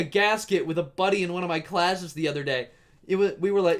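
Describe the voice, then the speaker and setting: A young man in his twenties hosting a casual solo podcast, gushing excitably and swearing as he talks. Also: high-pitched, a little fast. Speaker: podcast host.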